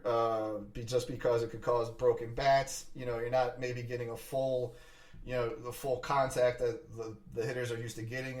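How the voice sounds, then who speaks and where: A man hosting a sports podcast, talking fast and excitedly in casual chat, often restarting his sentences. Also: medium pitch, distant mic. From Philadelphia area. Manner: fast, excited talk with frequent restarts and fillers.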